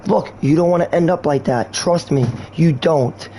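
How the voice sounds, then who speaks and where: Brief: rambling slangy male streamer, high voice, faint background noise. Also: moderate pace, dark tone. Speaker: game streamer. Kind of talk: rambling casual stream talk.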